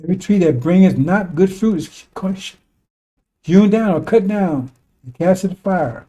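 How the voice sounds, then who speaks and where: A man's voice: high voice, lively intonation, normal speed, dark tone, breathy edge. A man giving an informal preaching monologue, talking conversationally and drilling his points with repeated asides like "see?" and "right?". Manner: repetitive, emphatic drilling of points. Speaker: religious commentator.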